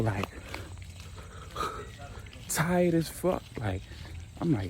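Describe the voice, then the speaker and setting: A man's voice: lowish voice, fairly quick, pauses often, slight background noise. A young man tells a casual, profane storytime monologue and acts out his own reactions. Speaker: storyteller vlogger.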